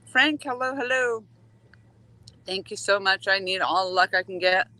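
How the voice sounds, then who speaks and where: A woman talks casually to her live-stream viewers while fishing from a dock on a waterway. Her voice is bright and forceful, and she keeps up a chatty, easygoing patter, coaxing the fish between comments. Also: mid-range voice, flat delivery, fairly quick, low-quality recording. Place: outdoors by a dock on a coastal waterway.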